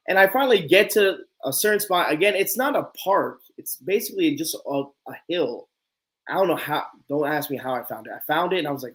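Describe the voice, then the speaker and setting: Host, male, a bit high-pitched, lively storyteller who acts out the dialogue. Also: fast. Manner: animated storyteller, acts out quotes. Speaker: live stream host. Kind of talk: casual storytelling chat.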